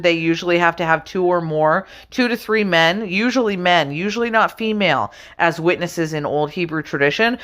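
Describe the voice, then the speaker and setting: A woman at home giving casual commentary on scripture, reading verses slowly and laughing often as she talks. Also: fairly low pitch, fairly bright tone. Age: adult. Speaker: religious video host.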